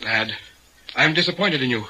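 An eager occult mentor. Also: male voice, medium pitch, moderate pace, slight background noise, rough recording. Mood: intent. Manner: urgent, commanding, excitable. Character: eager older male occult enthusiast, mentor. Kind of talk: radio drama acting.

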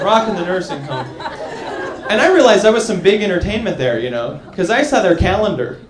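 A young man doing an animated stand-up comedy set on a club stage, acting out characters in funny voices. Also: high-pitched. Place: comedy club stage before a live audience. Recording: roomy live club with audience.

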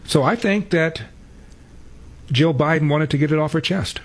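A man's voice: fairly high pitch, moderate pace, husky. A man hosting a talk radio show, blunt and sarcastic in his commentary. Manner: blunt, sarcastic, mocking imitations.

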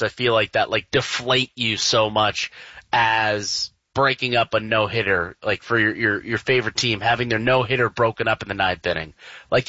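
A man's voice: mid-range voice, no room sound, dull audio. A man co-hosting a sports talk show, talking casually and venting with exaggerated outrage. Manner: animated, vents with exaggerated outrage. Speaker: sports radio co-host.

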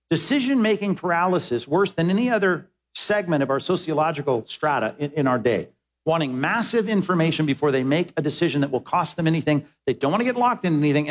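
A man preaching a sermon as pastor, emphatic, repeating words as he presses his points. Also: fairly high pitch.

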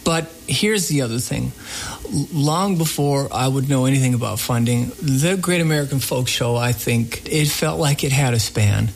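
A man with a gravelly, creaky voice recounts anecdotes from his radio folk program. His telling is folksy and rambling, the easy talk of a host being interviewed about his work. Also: medium pitch, moderate pace, a little hiss or hum, low-quality recording.

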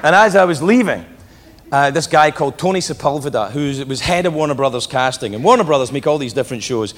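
A man doing a stand-up comedy set, telling stories in animated fashion and slipping into put-on voices. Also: a little high, fast talker. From England. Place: large comedy venue with live audience. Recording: echoey hall, noisy crowd.

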